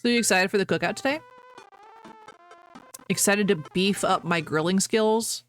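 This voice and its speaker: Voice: medium pitch, normal speed, a bit bright, soft background music, natural voice. A streamer voicing a cheerful teenage daughter who teases her father. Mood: teasing. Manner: cheerful, teasing. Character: upbeat teenage daughter teasing her dad.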